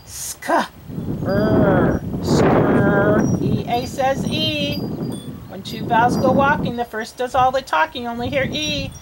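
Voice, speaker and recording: A woman's voice: high-pitched, normal speed, very noisy. A woman reading teacher giving a patient one-on-one reading lesson, sounding out words and coaxing a child along.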